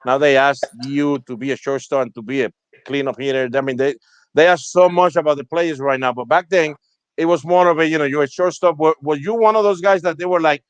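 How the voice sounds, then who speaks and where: Male podcast host, somewhat high voice, chatty and roundabout questioner, dead-dry sound. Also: fairly even intonation, a little fast, clean tone, no room sound. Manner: asks long, winding questions. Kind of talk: casual interview.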